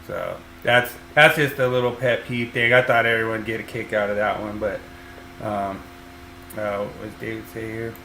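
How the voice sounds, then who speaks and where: Bright-voiced man chatting in a roomy space. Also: fairly low pitch, little pitch movement, normal speed, slight background noise. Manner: rambling, with frequent fillers and restarts. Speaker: podcast host and electrician. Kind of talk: casual podcast chat. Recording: roomy echo.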